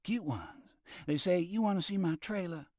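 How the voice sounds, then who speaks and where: A male narrator voicing a grinning, smooth-talking man who arranges things, in a lifted, breezy voice. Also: sits high, moderate pace, dark tone, no echo, studio quality, voice pushed up, close to an everyday voice.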